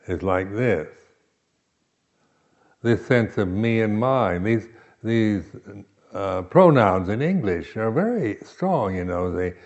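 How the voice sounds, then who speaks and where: A man giving a reflective dharma talk as a meditation teacher, pausing often and restarting his phrases. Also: low-pitched, darkish tone, dull audio. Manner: slow, reflective, with many pauses and restarts.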